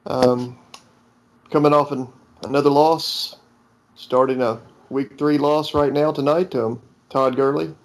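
Gravelly, sarcastic man. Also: mid-range voice, little pitch movement, a little slow, slight background noise. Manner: grumpy, sarcastic. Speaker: podcast guest. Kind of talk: casual podcast banter.

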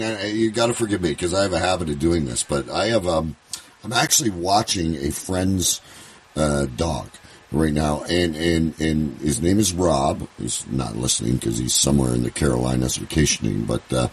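A man hosts a live radio show with a very deep voice that leaps up and down in pitch. He talks in an excited, rambling way, often restarting his sentences. A faint ambient hiss sits behind him. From Canada. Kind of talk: casual live radio chat.

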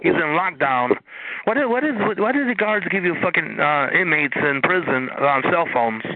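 A man's voice: on the high side, lively intonation, moderate pace, dry recording. A man in a crude phone chat, taunting and repeating himself. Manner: taunting, repetitive. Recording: phone-line audio with faint music.

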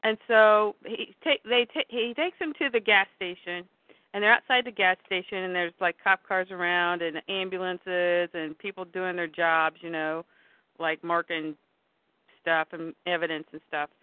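A woman's voice: fairly low pitch, steady tone, a little slow, clear, resonant tone, no room sound. A woman casually recapping an episode of a show and briefly acting out the characters' lines as she goes. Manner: retells scenes, briefly voicing the characters' lines. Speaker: podcast host recapping a show. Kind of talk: casual recap, reading out scenes. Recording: tinny phone-like audio, dry.

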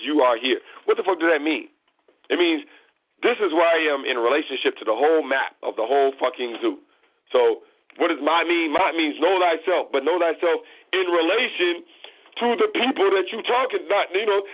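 A man's voice: a little high, slightly rough, no echo. A man hosting a call-in show, lecturing a caller in a blunt, profane, preachy way. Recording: phone-line audio.

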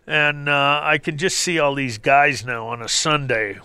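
A middle-aged man hosting a health call-in radio show, talking in an animated, jokey way. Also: a little high, measured pace, smooth, dry recording. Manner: animated, jokey, acts out voices. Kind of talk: health talk radio monologue.

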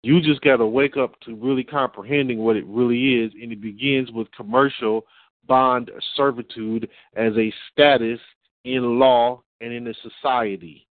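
An emphatic male preacher lectures with insistent repetition, slowing down to stress each phrase. The audio is dry and tinny, as if heard over a phone line. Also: medium pitch, fairly even intonation, no room sound. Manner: emphatic, repeats and reads slowly for stress.

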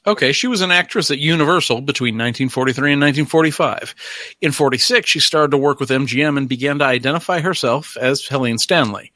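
A man co-hosting a podcast, reading out trivia notes and slipping in deadpan gags. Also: mid-range voice, fast talker, dry recording. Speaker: podcast co-host. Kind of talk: reading notes in casual chat.

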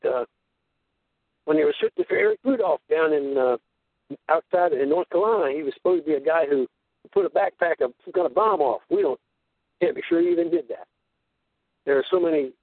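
An older man with a slightly high voice hosts a radio show of conspiracy talk, telling meandering stories and acting out quoted voices. The recording is dry, with a tinny phone-line radio sound.

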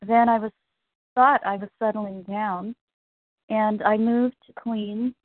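A young woman being interviewed as a guest on a call, soft-spoken and hesitant, pausing often. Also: medium pitch, steady tone. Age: young adult. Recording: dry, tinny phone line.

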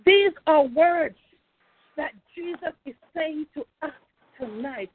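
A woman's voice: high-pitched, takes it slowly. Lady pastor preaching hard, tinny phone sound. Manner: fervent, repeats phrases, calls out praise. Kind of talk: sermon over a phone line.

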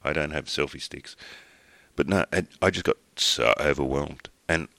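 A man's voice: a bass voice, normal speed, gravelly, bright, forceful tone, no room sound. An Australian man, a middle-aged podcast host, tells a rambling personal story in casual chat, restarting his sentences and swearing offhandedly.

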